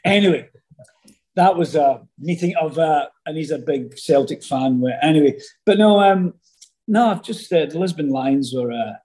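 A middle-aged Scottish man, an actor guest telling stories in a casual interview, animated and rambling with many fillers and restarts. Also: a little high, moderate pace, rough recording. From Scotland.

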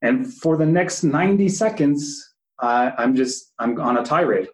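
A man's voice: a little high, lively intonation, a little slow. Middle-aged male police instructor, casual lecture delivery, echoey room. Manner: conversational, with fillers and asides. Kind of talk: teaching a class.

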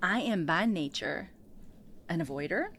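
A woman, a pastor and therapist, speaking as a podcast guest, animated and acting out what people say. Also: on the low side, measured pace, a little hiss or hum. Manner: animated storyteller, acts out quotes. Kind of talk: casual podcast interview.

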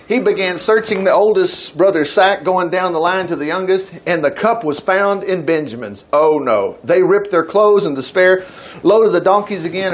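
A man's voice: fairly high pitch, slight background noise. A male preacher reading a Bible story aloud, breaking off into folksy, joking asides. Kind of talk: sermon reading scripture with asides.

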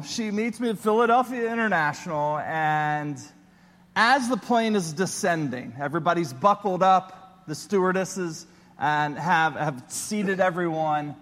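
A man preaching a sermon as a pastor, telling a personal story in an animated way and acting out his own panicked voice. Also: fairly high pitch, measured pace, in a large hall.

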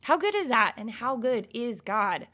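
A woman giving a casual Christian devotional talk, expressive and emphatic, swinging between loud bursts and soft, quiet stretches. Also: fairly high pitch, measured pace.

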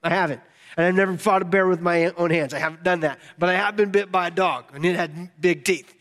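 A man's voice: high voice, steady tone, fairly quick, a bit bright. A man giving a casual, conversational sermon, often restarting his sentences. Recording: reverberant hall.

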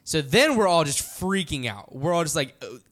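A young man telling a story in casual podcast chat, animated and full of "like" fillers. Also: on the high side, moderate pace. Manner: animated, heavy use of "like" fillers. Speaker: podcast storyteller, band member.

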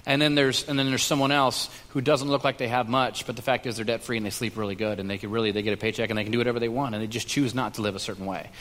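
A man's voice: medium pitch, fairly even intonation, a bit bright. Man preaching in a reverberant hall. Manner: conversational, halting with many restarts and fillers. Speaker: pastor. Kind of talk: sermon.

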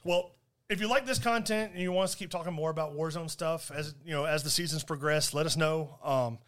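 High-voiced chatty man co-hosting. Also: a little fast, a bit bright. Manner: laughs often, rambling restarts. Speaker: podcast co-host. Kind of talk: casual chat.

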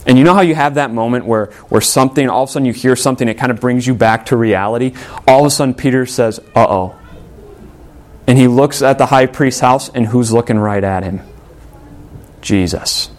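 A man delivering a sermon at a mid pitch, retelling a story with energy. He acts out the quoted lines as he goes and shifts his delivery to carry the drama. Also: fairly quick. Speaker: pastor.

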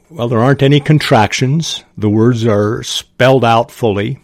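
A man hosting a podcast, explaining writing craft in a slow, thoughtful way, with small restarts. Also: medium pitch, no echo, studio quality. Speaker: podcast host.

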